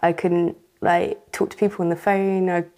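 Woman, church testimony guest, hesitant and filler-heavy, low gravelly tone. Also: flat delivery, normal speed. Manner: hesitant, soft-spoken, many fillers. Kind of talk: personal testimony interview.

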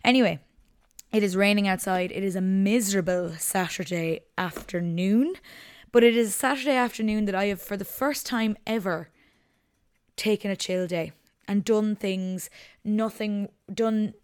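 Woman, 20s, podcast host, casual solo chat, smooth clear voice, animated, recorded at home on the couch. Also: mid-range voice, moderate pace. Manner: chatty and animated, breaks off to scold her dog. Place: living room at home, on the couch.

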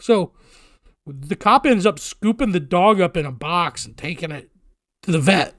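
Profane, animated man telling a story. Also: sits high, moderate pace, no room sound, studio quality. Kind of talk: casual storytelling.

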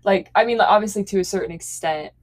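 A woman's voice: medium pitch, fast. A young woman co-hosting a casual chat, giggly and full of "like" fillers as she tells embarrassing stories. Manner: giggly, lots of "like" fillers, storytelling. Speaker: podcast co-host.

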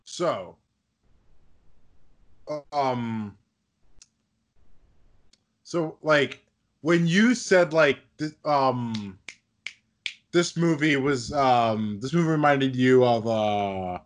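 A young man in casual chat, pausing often to search for his words. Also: mid-range voice, expressive. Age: young adult.

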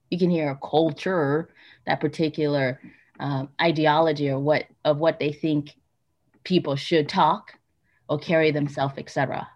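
A woman calmly explaining her view in a casual interview, emphatic and a little lecturing. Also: low-pitched, measured pace. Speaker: interview guest. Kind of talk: casual conversation. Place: Utah.

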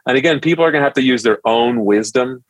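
Animated storytelling pastor, middle-aged man. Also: medium pitch, quick pace, no echo, poor audio. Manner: animated storyteller who acts out quotes. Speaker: pastor, podcast guest. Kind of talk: storytelling in a casual interview.

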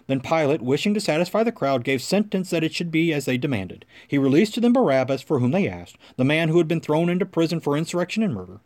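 A man doing a solemn scripture reading with a measured, reverent delivery. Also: a little high, lively intonation, a little mellow. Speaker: scripture reader.

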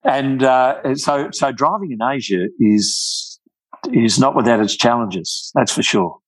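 An older man, telling travel stories in casual chat, with many halting restarts. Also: medium pitch, no room sound, low-quality recording. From Australia.

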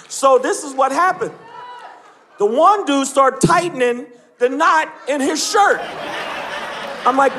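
A male stand-up comedian working a live club crowd into his set, brash, profane and ready to pick on anyone laughing. His voice sits very high for a man, and the soft murmur and laughter of the room hang behind him. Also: slow, long pauses, slight background noise. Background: audience laughter and room ambience.

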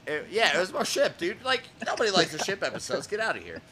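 A man hosting a music podcast in casual chat, profane and excitable, laughing often and shouting out lines he quotes. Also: high voice, quick pace, noisy background. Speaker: podcast host.

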